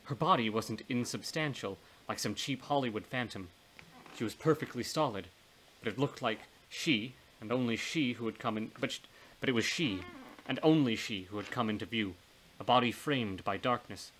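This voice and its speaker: A man narrating a horror novel in a steady, measured reading voice. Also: medium pitch, slight background noise, low-quality recording. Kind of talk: audiobook reading of horror fiction.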